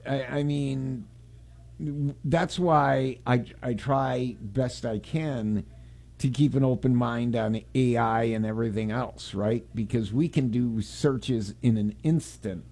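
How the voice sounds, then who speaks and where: Man, radio talk host, gravelly, mellow tone, casual rambling chat. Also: medium pitch, fairly even intonation, slow.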